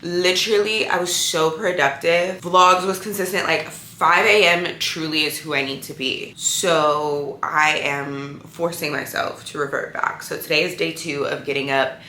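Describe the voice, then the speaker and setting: A woman's voice: low voice, steady tone, a little slow, hardly any pauses, pushed and bright. A tired woman chatting casually to her viewers in a vlog, candid and talkative. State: sleepy and tired. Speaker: vlogger. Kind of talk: casual vlog talk to camera. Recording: roomy echo, faint background noise.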